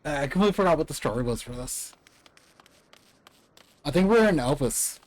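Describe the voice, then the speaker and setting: A man's voice: a little high, lively intonation, a little fast, dry recording. A man streaming a video game, chatting casually and explaining the game to his viewers. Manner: chatty, explains to chat, reads cutscene lines aloud.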